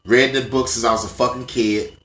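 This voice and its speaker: A man's voice: medium pitch, steady tone, brisk, fairly bright tone, echoey room, soft background music. A man ranting casually to the camera, profane and emphatic as he tells stories from memory. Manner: profane, emphatic, conversational storytelling. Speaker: vlogger.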